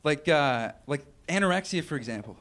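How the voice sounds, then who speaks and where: On a noisy club recording, a young comic rambles through an offhand stand-up set, breaking into acted-out voices while the crowd laughs. He sounds animated and fairly quick, his voice a little high and fairly bright.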